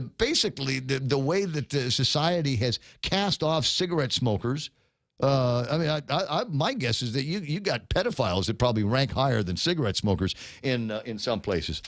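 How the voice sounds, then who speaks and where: Animated, incredulous man in his fifties. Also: medium pitch, dry recording, studio quality. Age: 50s. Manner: incredulous, rhetorical, rambling. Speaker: radio talk show host. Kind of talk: morning talk-radio monologue.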